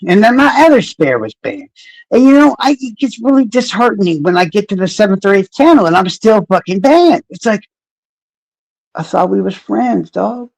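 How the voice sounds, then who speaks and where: A man's voice: high voice, big pitch swings, moderate pace, gravelly, dry recording, low-quality recording. A man talking casually and sarcastically to viewers on a live stream, rambling and cursing. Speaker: true crime streamer.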